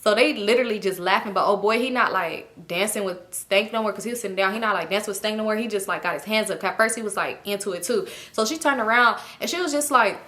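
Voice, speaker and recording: A woman's voice: mid-range voice, fast talker, hardly any pauses. A woman hosting a storytime vlog, slangy and profane, acting out what everyone said. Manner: animated, slangy and profane, acts out quotes. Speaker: vlog host.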